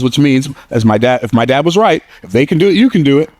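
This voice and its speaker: A lively man gives a fast motivational speech to a live audience with hardly any pauses, spinning energetic, joking stories and putting on a high, squeaky voice for quotes. Plain-spoken, he hammers phrases through repetition, and there's no echo.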